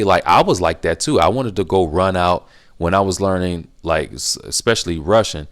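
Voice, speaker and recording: A middle-aged man hosting a casual question-and-answer video, giving emphatic advice that he repeats for stress. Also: low voice. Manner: emphatic, repetitive, animated when acting out reactions. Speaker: language-learning channel host.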